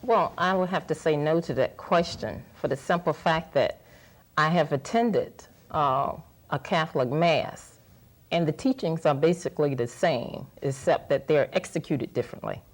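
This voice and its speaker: A woman's voice: sits low, normal speed. A woman appearing as a parent guest on a TV panel, answering in a plain-spoken, conversational way. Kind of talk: studio panel discussion.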